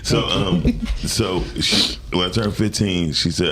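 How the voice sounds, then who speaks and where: A man co-hosting a morning talk show, telling a personal story in a casual, animated way and acting out other people's voices. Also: sits low, a little slow, a little hiss or hum. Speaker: co-host.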